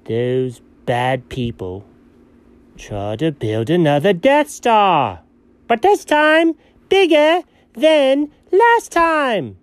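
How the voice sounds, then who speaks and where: A man doing a scatterbrained buddy with swooping pitch. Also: huge pitch swings, very slow, no echo, heavily acted. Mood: goofy. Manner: swoops between low mumbles and sudden high yelps. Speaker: co-host. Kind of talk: scripted comedy banter.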